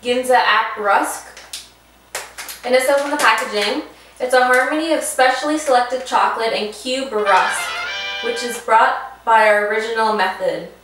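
A young woman co-hosting a casual snack unboxing, bubbly and excitable, reading package labels aloud. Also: a little high, normal speed, music in the background. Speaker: vlog co-host. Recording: echoey room, mic at a distance.

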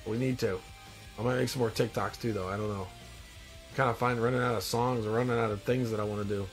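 A man's voice: on the low side, fairly even intonation, fast, soft background music. A man with a stuffy nose hosting a casual live stream, joking and rambling as he reads out viewer comments. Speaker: live-stream host in demon costume.

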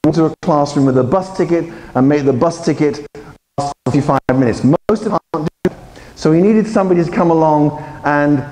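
A man giving a lively, joking conference talk to teachers and quizzing the audience as he goes. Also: on the high side, fairly quick, a little hiss or hum. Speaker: conference speaker. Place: large conference hall. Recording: echoey hall with faint ambience.

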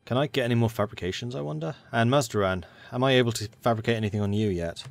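A man's voice: medium pitch, fast, vocal fry. A man commentating a strategy game, thinking aloud and talking to the game's factions as he plays. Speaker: gaming channel host.

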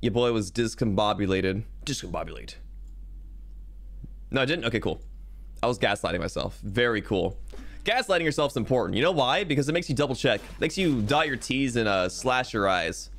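A man's voice: mid-range voice, sing-song, a little fast, a bit bright. A young man chatting casually to his viewers while streaming a game, goofy and rambling. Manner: goofy, rambling, talks to chat.

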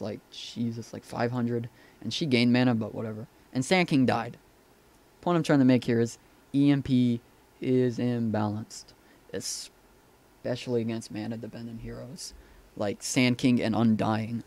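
Gravelly guy commenting a game replay. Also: medium pitch, a little mellow. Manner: profane, offhand, talks over replay. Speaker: gameplay commentator.

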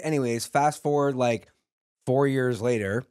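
A man's voice: mid-range voice, normal speed, no room sound, clean studio sound. A man who is a chef and podcast guest, telling stories in casual, teasing chat. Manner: storytelling, teasing, swears casually.

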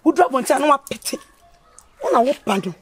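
A woman acting as a reproachful sister in a film drama, lecturing hard in a very high, piercing voice. She scolds with long, rising complaints. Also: lively intonation, fast, a crowd in the background. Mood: scolding. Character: scolding, tearful woman berating her sister. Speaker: actress.

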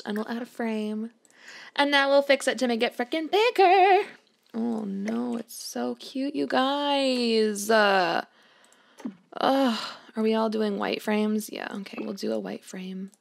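In this gameplay commentary, a young let's play host talks her way through a life-sim game, speaking affectionately to the on-screen characters. She sounds gravelly and on the high side, and she takes her time.

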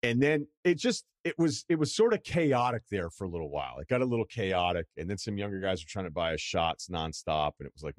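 A man's voice: low voice, expressive, brisk, hardly any pauses, no echo, clean studio sound. A middle-aged man hosting a podcast, telling a rambling, profane, self-deprecating story in casual chat. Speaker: podcast host.

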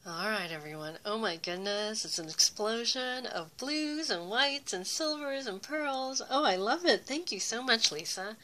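Bright-voiced woman chatting over crafts. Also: fairly high pitch, animated, measured pace, hardly any pauses, low-quality recording. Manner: chatty, many fillers, gushing over crafts. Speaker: craft YouTuber. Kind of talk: casual unboxing chat.

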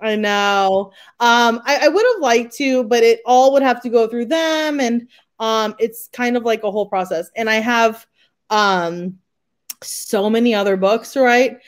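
A woman's voice: a little high, unhurried. Laughing, self-deprecating woman author. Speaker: author guest. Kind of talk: casual interview chat.

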